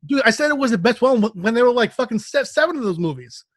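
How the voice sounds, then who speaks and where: A man's voice: very high voice, lively intonation, quick pace, dry recording. A man hosting a podcast who teases his guest in casual banter and swears now and then. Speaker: podcast host.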